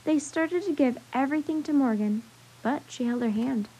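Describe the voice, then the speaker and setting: A woman's voice: sits high, normal speed, warm tone, low-quality recording. Woman reading a children's book aloud. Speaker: storyteller.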